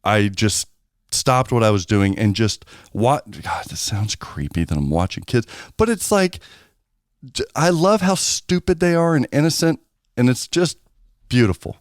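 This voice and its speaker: A man's voice: medium pitch, expressive, unhurried, dry recording, clean studio sound. A man co-hosting a podcast in casual chat, candid, rambling and joking. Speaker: podcast co-host.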